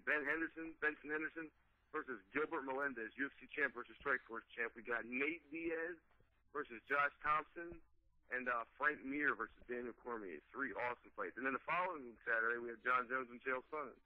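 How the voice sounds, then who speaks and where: Fast-talking profane male radio co-host. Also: mid-range voice, lively intonation, dry recording, muffled recording. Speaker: co-host of a wrestling radio show. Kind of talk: casual radio chat.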